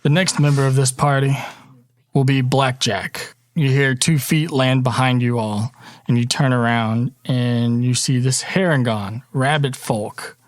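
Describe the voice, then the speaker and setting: A man narrating a tabletop game as dungeon master, relaxed, with fillers. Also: medium pitch, measured pace, no room sound, studio quality.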